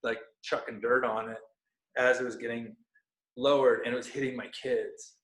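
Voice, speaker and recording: A man's voice: mid-range voice, flat delivery, moderate pace, a bit bright. A man in his thirties, a podcast guest, telling a personal story in an earnest way and searching for words with many fillers. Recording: echoey room.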